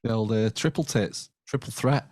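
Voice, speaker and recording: Wry low-voiced man. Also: normal speed, darkish tone, no echo, clean studio sound. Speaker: podcast guest. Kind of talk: casual podcast chat.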